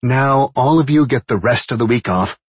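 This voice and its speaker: Male narrator playing a commanding woman officer, crisp and dry-witted, raised pitch, close dry sound. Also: moderate pace, dry recording, lightly acted. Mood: brisk. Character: brisk senior woman officer giving orders.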